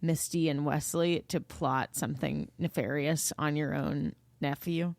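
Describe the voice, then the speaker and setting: A woman with a very low voice co-hosts a true-crime podcast in relaxed, casual talk. She pushes back on ideas with questions and plays devil's advocate. Her voice sounds dry and close on a studio podcast mic. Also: a little slow, vocal fry, no room sound. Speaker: podcast co-host.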